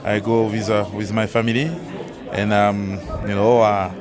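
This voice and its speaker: Halting low-voiced man, non-native English. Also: level tone, a crowd in the background. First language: not English. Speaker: rugby player, interviewee. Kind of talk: casual interview answers.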